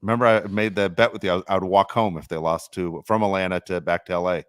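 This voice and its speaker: A man hosting a casual sports podcast, rambling and animated, with mock-complaining asides. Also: deep voice, fast talker, clear, resonant tone, no echo, studio quality. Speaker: podcast host.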